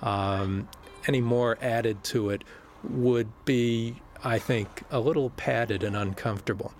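Male director on a commentary track: laid-back and conversational, pausing often. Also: mid-range voice, a little hiss or hum. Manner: relaxed, with pauses and fillers. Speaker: film director. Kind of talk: film commentary.

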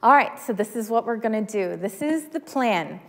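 High-voiced woman preaching in a reverberant church. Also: expressive, normal speed. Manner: chatty and self-deprecating, leads congregation in song. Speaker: pastor. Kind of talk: sermon. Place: church sanctuary. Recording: long hall reverb.

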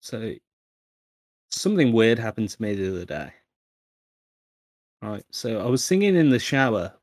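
A man co-hosting a podcast in casual chat, relaxed and swearing freely. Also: mid-range voice, no echo. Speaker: podcast co-host.

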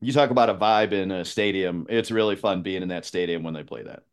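A man's voice: low voice, a little fast, smooth. A man chatting casually on a podcast, retelling encounters with quoted lines and laughing often. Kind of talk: casual chat.

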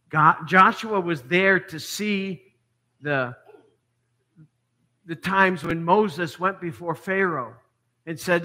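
A middle-aged male pastor delivering a sermon in a storytelling way, dropping to hushed lines and rising to emphatic ones. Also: a little high, slow.

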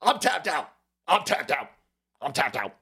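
Foul-mouthed man ranting, lively pitch. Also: measured pace, breathy edge. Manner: foul-mouthed, mocking, laughs often. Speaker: livestream host. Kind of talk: profane political rant on a livestream.

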